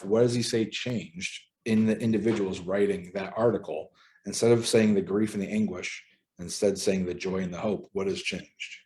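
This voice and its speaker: Low-pitched man leading a casual book study over a video call, relaxed and chatty. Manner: relaxed, conversational, uses filler ums. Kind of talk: casual group discussion. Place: home.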